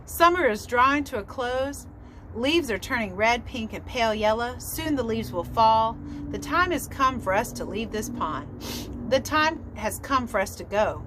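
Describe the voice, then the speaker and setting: A woman reading aloud as a long-winded father swan, solemn and measured, lecturing his young from a storybook. His voice sits a little high and swings widely through each line, with a soft hiss of background noise. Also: lively intonation.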